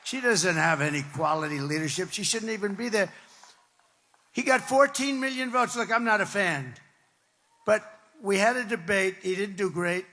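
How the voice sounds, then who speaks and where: An older New York-area man with a high, sharp voice delivers a campaign rally speech at a moderate pace to a crowd in a large hall. He rambles conversationally, repeating himself for emphasis, and the big hall adds long reverb.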